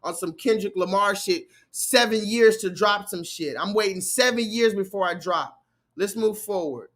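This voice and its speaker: A man hosting a live stream who freestyles emphatic rhymes and reacts excitably to clips. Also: sits high, moderate pace. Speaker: rapper and live-stream host.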